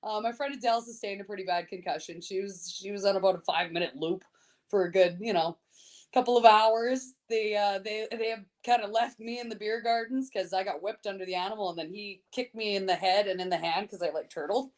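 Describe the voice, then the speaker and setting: A woman guest on a podcast, telling a story in casual chat, swearing often and talking in a lively, laughing way. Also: medium pitch, a little fast.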